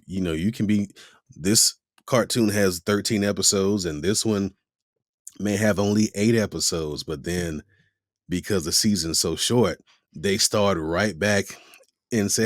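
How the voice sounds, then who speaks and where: A man's voice: deep voice, unhurried, no room sound, studio quality. A man, a voice actor, chatting casually in an interview and acting out quoted voices as he talks. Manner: animated, acts out quoted voices. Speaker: voice actor guest.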